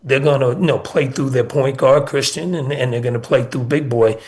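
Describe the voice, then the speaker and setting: A man's voice: mid-range voice, fairly even intonation, normal speed, a little mellow. A middle-aged man, a former basketball coach, telling stories earnestly on a sports radio show and repeating key points for emphasis. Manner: earnest storytelling with emphatic repetition. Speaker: former college basketball assistant coach, guest.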